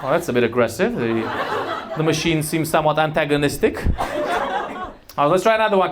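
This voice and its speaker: A man doing stand-up with a fairly high voice, teasing the crowd and laughing at his own lines. He is recorded live in a club. Constant audience noise can be heard. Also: a little fast. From Romania. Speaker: stand-up comedian. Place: comedy club in London.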